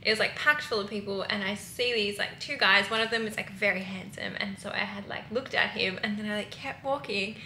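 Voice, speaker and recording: Brief: Australian woman vlogger, chatty and candid, sharp bright voice with a raspy edge. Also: mid-range voice, steady tone, fairly quick, hardly any pauses, reverberant, slight background noise, poor audio. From Melbourne, Australia. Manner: chatty, candid, swears casually. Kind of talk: casual travel vlog chat. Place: hotel room and streets outdoors.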